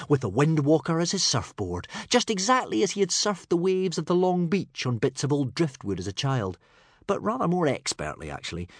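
Male audiobook narrator, husky voice, lively pitch, dramatic, dry recording. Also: dry recording. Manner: dramatic, dropping to a hush for suspense.

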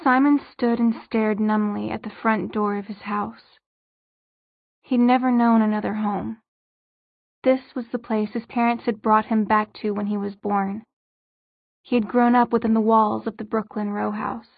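A woman narrating an audiobook in a measured, husky voice, on a tinny, dry recording. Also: fairly high pitch, little pitch movement, dry recording.

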